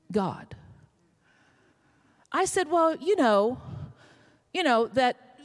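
A middle-aged woman pastor, telling a story in a sermon that builds to emphatic calls. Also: a little high.

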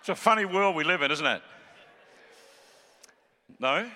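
Old aussie preacher guy, bright sharp voice, jokey then fired up, big echoey hall. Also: a little high, lively intonation, a little slow, slight background noise. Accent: Australian. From Australia. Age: 70s. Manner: chatty and joking, building to fervent shouting. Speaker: guest preacher. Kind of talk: sermon with joking banter.

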